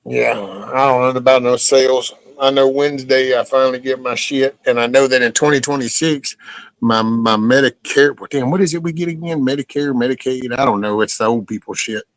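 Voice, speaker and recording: An older man in his sixties talks straight and salty to his live-stream viewers, folksy and unfiltered. His voice sits in an ordinary middle pitch. The sound is dry and close, with no room echo. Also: fairly quick. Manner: blunt, folksy and profane. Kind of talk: casual live-stream chat reading comments.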